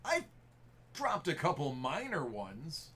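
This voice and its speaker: A man's voice: fairly high pitch, wildly swooping pitch, slow pace, pushed and bright, breathy edge. A middle-aged man hosting a live card-break stream, chatting casually and informally straight to his viewers.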